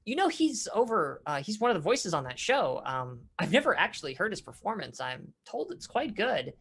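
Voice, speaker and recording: A woman playing a stammering, sincere gentle man. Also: medium pitch, sing-song, husky, voice pushed up, exaggerated voice. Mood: flustered. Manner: stammering, halting, many restarts.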